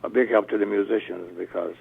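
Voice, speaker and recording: An older man chats about music over a phone-thin line, his voice gravelly. He tells stories in loose, restarting sentences. The sound is tinny and narrow, as on a call-in. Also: on the low side, fairly even intonation, a little fast. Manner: rambling storyteller, restarts often. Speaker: blues musician guest. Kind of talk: radio interview conversation.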